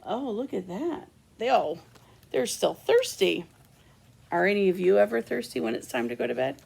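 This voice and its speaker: A woman, a children's librarian, reading a picture book aloud with expressive asides to children. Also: medium pitch, normal speed, creaky, husky.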